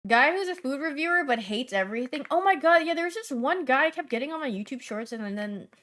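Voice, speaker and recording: A young woman streamer in casual livestream chat, playful and chatty, answering her chat and swinging from loud bursts to mumbling asides. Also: high voice, expressive, quick pace.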